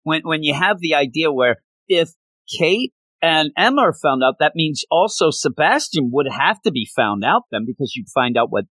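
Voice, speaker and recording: Excitable rambling man, dry sound. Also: a little high, normal speed, dry recording. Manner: excited, rambling, many restarts. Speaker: podcast co-host. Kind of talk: casual chat about comics.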